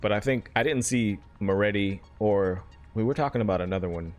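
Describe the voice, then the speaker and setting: A man's voice: lowish voice, a little fast, darkish tone, soft background music. A man streaming a video game, rambling and joking casually with his viewers. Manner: rambling, jokey, chats with viewers. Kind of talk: casual chat while playing a game.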